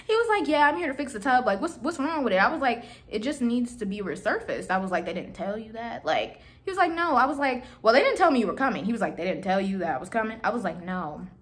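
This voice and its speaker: A young woman in her twenties casually retelling a story to her viewers, animated and exasperated, acting out the dialogue. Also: a little high, quick pace. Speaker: vlogger telling a storytime.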